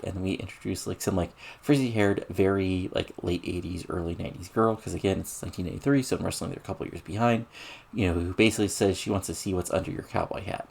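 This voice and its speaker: A man casually narrates a wrestling booking game in let's-play style, rambling with lots of fillers as he reads out match results and ratings. His low, darkish voice is steady and slightly rough with vocal fry, and he talks fast.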